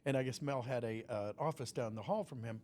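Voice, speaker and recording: A man telling a story on a convention panel, with halting restarts, acting out what others said. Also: medium pitch, a little mellow. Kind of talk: anecdote told on a panel.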